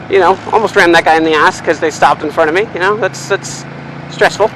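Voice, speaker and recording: A young man, chatting casually and swearing freely while driving, rambling and excitable. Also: high-pitched, brisk. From Canada. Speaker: vlogger. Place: inside a car, driving in city traffic. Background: faint car and road noise.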